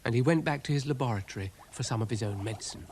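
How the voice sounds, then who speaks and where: A man's voice: medium pitch, racing, heavy background noise. A man narrating a cartoon as a storyteller, in a dry, understated manner.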